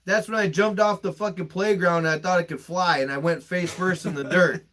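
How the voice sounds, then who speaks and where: A man's voice: sits high, steady tone, a little fast, a bit bright, a little hiss or hum. A young man hosting a podcast, telling personal stories in an emotional, emphatic way and swearing freely. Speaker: podcast host. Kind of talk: candid podcast storytelling.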